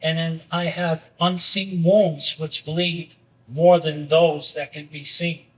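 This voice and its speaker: A man's voice: fairly high pitch, level tone, slow pace, slightly rough, distant mic, rough recording. A man talking as a podcast guest, earnestly telling a story and acting out its characters in a raised voice. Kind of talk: candid conversation with storytelling.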